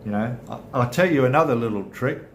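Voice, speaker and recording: A middle-aged man with an Australian accent chats casually to his viewers, wandering from point to point and often correcting himself. His voice sits in an ordinary middle pitch. It rings a little in a roomy space, over a faint low rumble. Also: quick pace. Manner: rambling, chatty, self-correcting. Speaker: channel host. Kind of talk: casual live chat with viewers.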